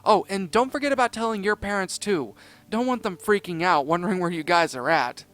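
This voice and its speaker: A man voicing an excitable young male kangaroo cartoon character, bubbly and eager. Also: sits high. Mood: cheerful. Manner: eager, bubbly, talks in quick bursts.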